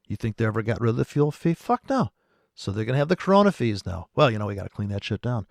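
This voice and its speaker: A man streaming about forex trading, ranting in a rambling, profane way with sudden loud outbursts. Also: on the low side, sing-song, racing, vocal fry, no room sound, studio quality.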